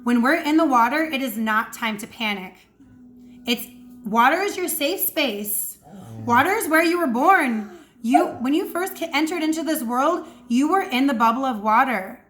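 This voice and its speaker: Female swim coach, high bright register, energetic casual teaching from home. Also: moderate pace. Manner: energetic, demonstrates breathing sounds. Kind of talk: casual instructional talk to camera. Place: at home indoors.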